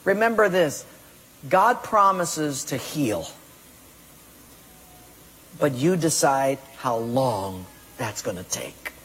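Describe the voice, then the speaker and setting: A pastor preaching a sermon with emphatic delivery and rhetorical questions to the congregation. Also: male voice, mid-range voice, expressive, slow pace, long pauses, a bit bright, breathy edge. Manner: emphatic preaching, rhetorical questions, acts out excuses in quoted voices. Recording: long hall reverb.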